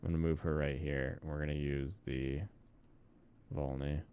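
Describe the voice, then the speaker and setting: A man's voice: very deep voice, flat delivery, moderate pace, muffled recording, a little hiss or hum. A young man from the Pacific Northwest giving casual commentary while playing a game, thinking aloud and chatting with viewers. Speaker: streamer.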